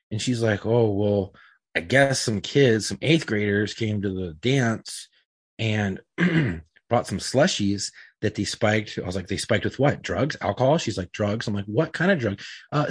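Brief: husky middle-aged man, loose profane storyteller, dry close sound. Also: on the low side, dry recording. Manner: profane, rambling, uses lots of fillers. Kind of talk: casual storytelling among friends.

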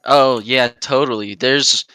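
A man's voice: mid-range voice, steady tone, takes it slowly, sharp tone, no room sound. A young man chatting casually on a gaming podcast, laid-back and giving brief replies.

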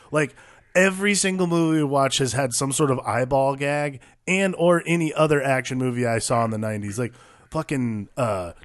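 A man co-hosting a podcast, chatting casually about movies, animated and profane, exaggerating for laughs. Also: mid-range voice, no echo, studio quality. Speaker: podcast co-host.

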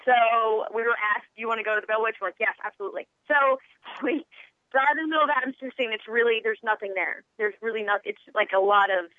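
Southern lady from tennessee calling in, chatty, tinny phone line, kinda high voice. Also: dry recording. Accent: Southern American. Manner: chatty, laughs easily, animated quoting. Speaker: caller. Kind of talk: casual phone-in storytelling.

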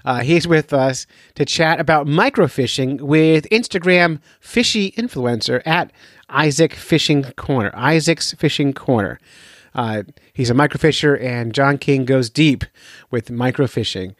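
A man's voice: medium pitch, unhurried, no echo, clean studio sound. Casual rambling male podcast host. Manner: rambling, jokey, loose.

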